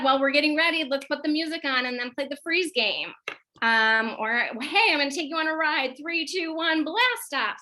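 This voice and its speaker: A woman psychologist giving a casual, animated workshop talk to parents, often checking in with her listeners. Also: fairly high pitch, poor audio. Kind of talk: informal workshop presentation.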